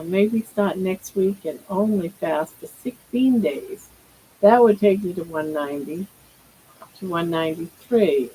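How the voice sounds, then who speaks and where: A woman's voice: medium pitch, mellow, slight background noise, poor audio. An older woman hosting a casual live stream from home, talking baby talk to her pet and musing aloud about her weight.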